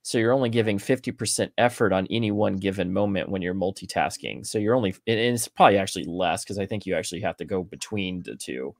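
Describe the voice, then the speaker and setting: A man's voice: sits low, fast, few pauses, no room sound, studio quality. A man co-hosting a book discussion podcast, explaining ideas at length and thinking aloud. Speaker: podcast co-host.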